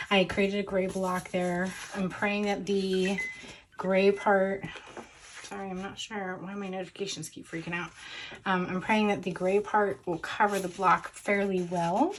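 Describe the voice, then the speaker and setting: A woman's voice: medium pitch, slight background noise. Chatty woman planning a scrapbook. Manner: chatty, with frequent ums and self-corrections. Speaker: scrapbooking vlogger. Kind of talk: casual craft walkthrough. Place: at home, at a crafting table.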